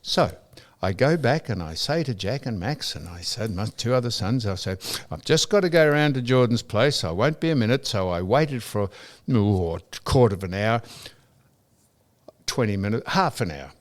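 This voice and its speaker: An older Australian man in relaxed podcast chat, telling a long story with plenty of colour. He mimics the people he talks about and drops the odd swear word. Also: on the low side, normal speed. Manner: animated anecdote-telling, mimicking others, laughing, swearing. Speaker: podcast co-host.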